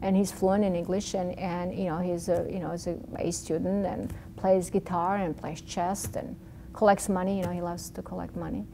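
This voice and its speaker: A woman's voice: on the low side, normal speed, creaky, slight background noise. A middle-aged woman with a Yugoslav accent, a doctor guesting on an interview show, telling a personal story and acting out the dialogue with many restarts. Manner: animated storyteller who acts out dialogue, frequent restarts.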